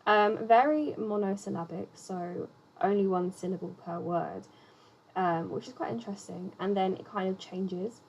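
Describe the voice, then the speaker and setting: Brief: young woman teaching, chatty and loose, fillers throughout, middle pitch. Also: moderate pace, darkish tone, lo-fi sound, a little hiss or hum. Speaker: poetry teacher. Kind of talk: casual explainer lesson.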